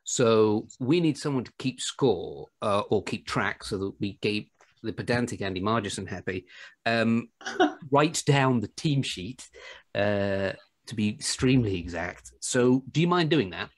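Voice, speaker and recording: British man with a husky, lively voice. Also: lowish voice, a little slow. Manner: animated, jokey anecdote telling. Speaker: podcast host. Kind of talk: casual storytelling chat.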